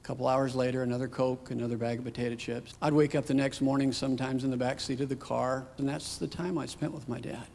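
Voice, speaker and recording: A middle-aged man, a father, telling his personal story in a reflective, unhurried way. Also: mid-range voice, level tone, gravelly, a little mellow, slight background noise. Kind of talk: personal testimony. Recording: long hall reverb.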